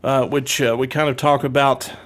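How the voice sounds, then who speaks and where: A man's voice: mid-range voice, little pitch movement, normal speed, fairly bright tone. Joking podcast host, man. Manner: joking, rambling, playful trash talk. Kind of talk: casual wrestling podcast chat.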